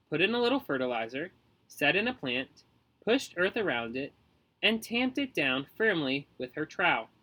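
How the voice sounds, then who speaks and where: A man reading a children's storybook aloud in an expressive, measured way. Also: a little high. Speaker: audiobook narrator. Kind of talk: storybook narration.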